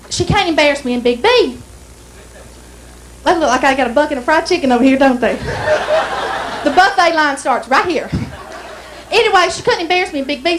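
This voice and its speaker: A woman's voice: very high voice, noisy background. A woman with an Alabama accent performing a stand-up comedy set on a club stage, telling folksy stories and acting out the dialogue. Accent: Southern US, Alabama. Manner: folksy storytelling, acts out dialogue.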